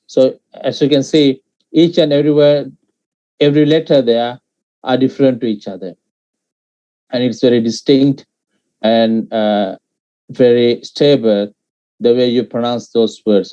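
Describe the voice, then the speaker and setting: A man teaching Pali in an online class, patiently explaining pronunciation and sounding out syllables with many pauses and fillers. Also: mid-range voice, fairly even intonation, warm tone, lo-fi sound.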